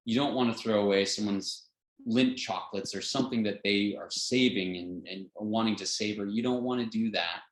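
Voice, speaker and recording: A man's voice: on the low side, steady tone, moderate pace. A man teaching a health class in an informal way, earnest, often chuckling and restarting his sentences with fillers. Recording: roomy echo.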